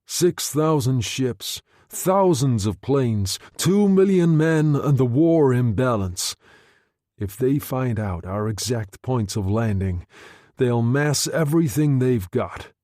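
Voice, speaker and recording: A man reading a novel aloud, voicing an agitated wartime general who speaks in a slow, grave way. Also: mid-range voice, animated, dark tone, dry recording, clean studio sound.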